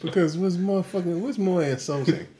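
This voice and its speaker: A man's voice: sits high, fairly quick, warm tone. Blunt, profane man in an echoey room. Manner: blunt, profane one-liners. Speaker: podcast co-host. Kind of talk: casual banter. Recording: roomy echo.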